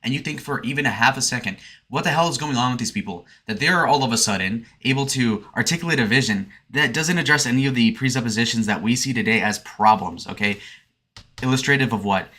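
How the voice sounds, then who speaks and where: Fields: Sex: man. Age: 20s. Tone: bright, forceful. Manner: provocative. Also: mid-range voice, fast. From Michigan. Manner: provocative, sarcastic, meandering. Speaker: streamer. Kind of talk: casual rambling monologue.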